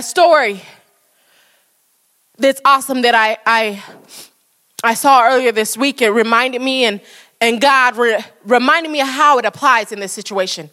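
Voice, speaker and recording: Woman preaching, high voice, keeps hammering the same lines, fired up. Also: pushed and bright, in a large hall. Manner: fervent, repetitive exhortation. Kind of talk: sermon.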